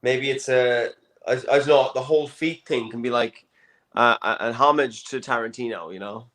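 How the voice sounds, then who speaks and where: A man's voice: medium pitch, normal speed. A man in casual comedic chat who swings between ideas and silly voices. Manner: animated, jumps into silly voices.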